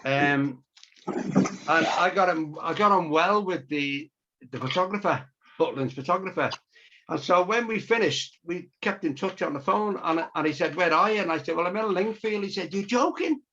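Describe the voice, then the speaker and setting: A man's voice: sits high, moderate pace, sharp tone, a little hiss or hum. Man telling a rambling anecdote. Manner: chatty anecdotal, acting out quoted voices. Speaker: storyteller and illustrator. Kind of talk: casual storytelling on a video call. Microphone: video call. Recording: dull lo-fi video call audio.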